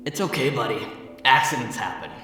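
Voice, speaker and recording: A man voicing a gentle old farmer dad. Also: medium pitch, lively intonation, a little fast, heavy reverb, faint music behind. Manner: soft, gentle and reassuring. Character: kindly older farmer father figure, man in late sixties.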